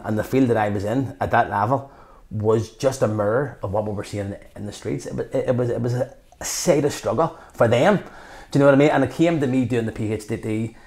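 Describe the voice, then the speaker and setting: A man in his fifties with a Belfast accent, a guest in an interview telling his stories with passion and acting out what people said. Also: medium pitch. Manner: passionate, animated storyteller who acts out quotes. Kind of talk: conversational interview.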